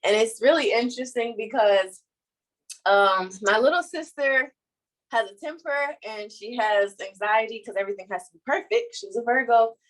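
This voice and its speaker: Young woman on a video call, kinda high voice, lots of ums. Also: lively intonation, moderate pace, rough recording. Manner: chatty, hesitant, many ums. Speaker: guest sharing a story. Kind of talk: casual chat on a video call.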